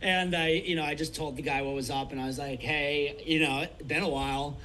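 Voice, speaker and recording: A young adult man, a musician guest, telling a story in casual chat, rambling and animated, full of fillers. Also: on the high side, a little fast, slight background noise, low-quality recording.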